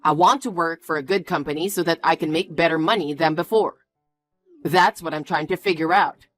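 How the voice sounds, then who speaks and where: A woman's voice: sits low, a little fast, faint music behind, natural voice. A woman voicing a defensive, bossy young man who talks in a curt, scolding way. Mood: irritated.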